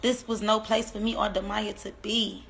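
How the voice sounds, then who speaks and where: A bereaved mother giving an emotional personal account, tearful and halting, often repeating her words and trailing off. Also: medium pitch, flat delivery, gravelly, fairly bright tone. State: tearful, on the verge of crying.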